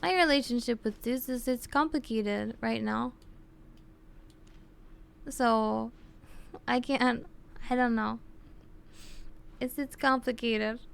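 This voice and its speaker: Chatty woman streamer with vocal fry. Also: fairly high pitch, takes it slowly, long pauses. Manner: chatty, answers chat with fillers and laughs. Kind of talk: casual live-stream chat with viewers.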